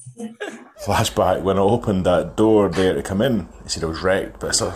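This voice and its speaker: A deep, somewhat mellow-voiced man in his thirties tells a long, rambling story at normal speed in a voice note. He chuckles now and then, and the storytelling stays casual.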